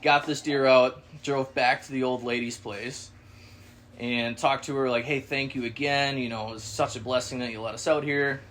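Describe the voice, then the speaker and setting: A man's voice: mid-range voice, moderate pace, a little hiss or hum. A man co-hosting a podcast, telling a casual story, swearing freely and acting out the people he quotes. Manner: animated, swearing, acts out quoted voices. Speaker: podcast co-host.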